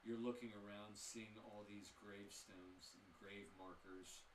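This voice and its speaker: A man's voice: fairly low pitch, steady tone, measured pace. A man narrating a tabletop game as game master, describing scenes with frequent fillers. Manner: descriptive, with many fillers and restarts. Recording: echoey room, mic at a distance, faint noise.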